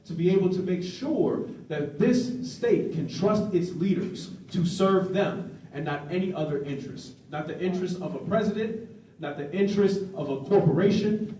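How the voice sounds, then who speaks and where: A man running for office delivers a measured campaign speech, stacking phrases in steady repetition. His voice is mellow and slightly high, caught from a distance in an echoey room. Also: a little hiss or hum. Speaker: political candidate. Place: public forum hall.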